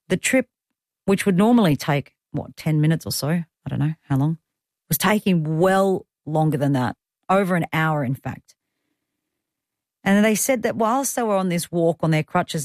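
A woman in her thirties with an Australian accent hosts talkback radio, chatty and quick with self-deprecating asides. Her voice is lowish and darkish in tone, recorded dry with clean studio sound.

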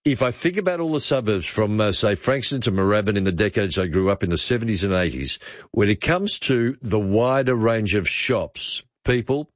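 A man in his fifties with an Australian accent, hosting talkback radio with chatty quick asides. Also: lowish voice, lively intonation, dry recording. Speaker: radio host. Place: radio studio. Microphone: studio mic. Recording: slightly dull dry studio sound.

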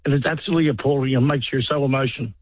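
Fired-up Australian veteran on a tinny phone line. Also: male voice, mid-range voice, steady tone, very fast, no room sound. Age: 50s. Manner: fired up and indignant, swears mildly. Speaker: caller, army veteran. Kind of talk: talkback phone call.

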